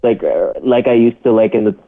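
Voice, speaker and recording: A man in his twenties co-hosting a podcast, giving laid-back, halting replies. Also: fairly low pitch. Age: 20s. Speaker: podcast co-host. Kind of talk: casual podcast chat. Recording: tinny phone-like call audio.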